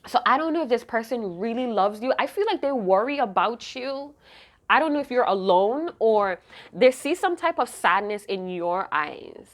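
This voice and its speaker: A woman's voice: fairly high pitch, expressive, moderate pace. A woman giving an intuitive tarot reading to camera, emotive and rambling, often breaking off mid-thought to restart. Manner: rambling, emotive, self-interrupting. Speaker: tarot reader.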